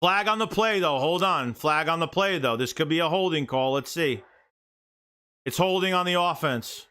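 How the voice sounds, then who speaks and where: A man's voice: a little high, normal speed. A man calling a football game live as a fan streamer, cursing freely and getting worked up over bad plays. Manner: profane, excitable, yells at bad plays. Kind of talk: live fan reaction play-by-play.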